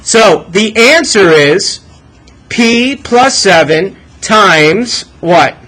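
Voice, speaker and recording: A man's voice: sits high, animated, extremely slow, sharp tone, poor audio. A male math teacher leading a classroom lesson, coaxing students with questions and asking them to think aloud.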